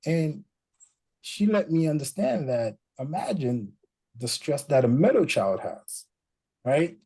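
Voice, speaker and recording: Guy in his 30s chatting as a guest, kinda husky, acts out the quotes. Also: on the high side, slow pace, low-quality recording. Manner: animated storyteller, acts out quotes. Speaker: guest speaker. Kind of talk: casual chat, code-switching.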